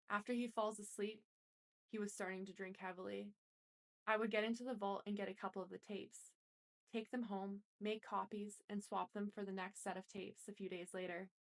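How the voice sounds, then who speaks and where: A woman reading aloud a dramatic first-person story, in an intense and emotional way. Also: medium pitch. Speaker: reader.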